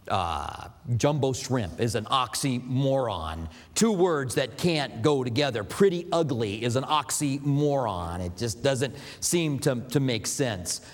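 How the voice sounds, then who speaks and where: A pastor preaching a sermon in a loose, conversational way, with asides and filler words. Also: male voice, medium pitch, long reverb tail.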